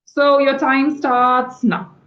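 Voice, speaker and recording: A woman tutoring English over a video call, explaining words quickly and patiently. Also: sits high, little pitch movement, muffled recording. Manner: fast-talking, explanatory, patient. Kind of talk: one-on-one online English lesson.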